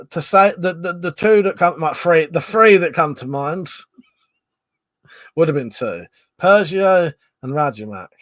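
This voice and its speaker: A man's voice: a little high, a bit bright, no room sound. A Scottish-born man with a Manchester accent hosting a casual livestream, rambling, swearing and laughing as he reads out chat messages. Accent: Manchester English. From Scotland. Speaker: livestream host. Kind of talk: casual chat reading live comments.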